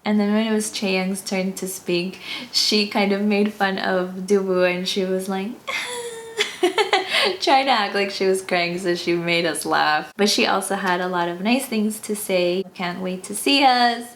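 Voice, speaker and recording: Young woman, from Texas, casual chatty vlog, gushing, giggly, mid pitch, faint background hiss. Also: steady tone, normal speed, fairly bright tone, some chatter behind. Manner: gushing, giggly, quotes people in little voices. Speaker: vlogger.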